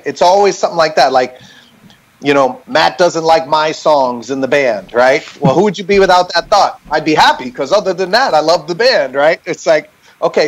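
Earnest, slightly high-voiced man on a call. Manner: earnest, reflective, tags points with "right?". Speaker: podcast guest. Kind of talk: candid conversational storytelling. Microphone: video call.

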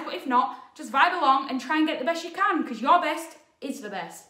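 A woman's voice: sits high, lively intonation, brisk, hardly any pauses, sharp tone. Bubbly young woman counting beats. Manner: bubbly, chatty, slangy. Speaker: dance instructor. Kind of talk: casual dance tutorial, counting beats aloud. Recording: roomy echo.

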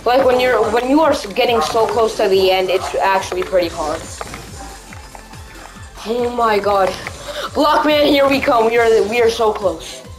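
A young woman with a higher voice talks over her gameplay in unhurried, drawn-out phrases, breaking into yells at the screen. Game music plays clearly behind her desk mic. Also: low-quality recording. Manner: excitable, yelling at the game. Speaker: gamer. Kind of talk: let's play commentary.

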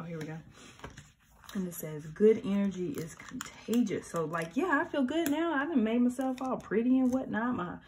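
A middle-aged female planner vlogger chats casually and animatedly in a medium-pitched voice while decorating a planner, tossing in mock-grumpy asides during her plan-with-me talk. There is noise in the background.

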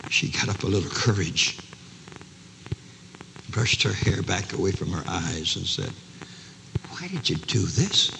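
An older man preaching a dramatic sermon to a large camp meeting, acting out each character's voice, shouting one moment and whispering the next. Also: low-pitched, vocal fry. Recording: live sermon recording, long hall reverb, faint noise.

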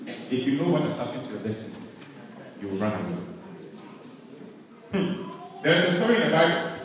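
A man preaching to a crowd, retelling a Bible story in an animated storytelling manner and speaking directly to listeners. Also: fairly high pitch, slight background noise. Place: large hall on a campus. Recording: echoey hall from far off.

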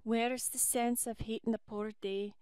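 A warm old Irish housekeeper, as a woman reader puts her on, full of homely turns of phrase. The voice sits fairly high and smooth for a woman, and the sound is close and dry in a storybook reading. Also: flat delivery, a little slow, dry recording, close to an everyday voice. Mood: comforting.

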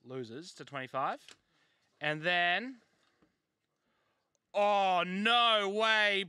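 A man hosts a card break, joking and hyping every pull. His voice is high, bright and forceful, and it leaps up and down constantly. The close, dry sound has almost no room echo. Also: takes it slowly, pauses often, smooth. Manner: excitable, banters and jokes while calling out pulled cards. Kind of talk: live case break commentary.

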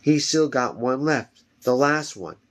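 A man reading a fantasy novel aloud at home, steady with small slips and corrections. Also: mid-range voice, measured pace. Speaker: reader.

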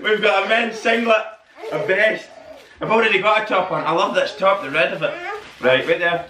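A man's voice: sits high, normal speed, pushed and bright. Man, enthusiastic unboxing host, exclaiming, echoey room, distant mic, noisy. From Northern Ireland. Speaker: channel host. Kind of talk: excited unboxing vlog.

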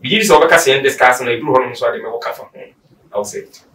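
A man's voice: medium pitch, racing, fairly bright tone. A man with a Ghanaian accent, a guest social commentator giving long, reasoned explanations. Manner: lengthy, reasoned explanations mixing in English. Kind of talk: explaining political views in chat. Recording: roomy, distant mic.

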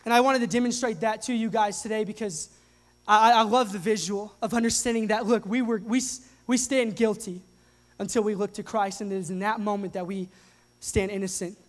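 A young adult man preaching a sermon to his congregation, earnest and animated, often restarting his sentences. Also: high voice, a little fast. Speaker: pastor. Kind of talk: sermon with live demonstration. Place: church hall with live audience. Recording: long hall reverb.

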